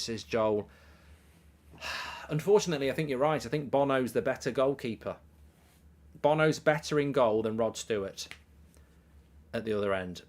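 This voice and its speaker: A man's voice: mid-range voice, moderate pace. A man hosting a football watchalong, rambling and joking while reading out viewer comments. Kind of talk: casual livestream chat, reading comments.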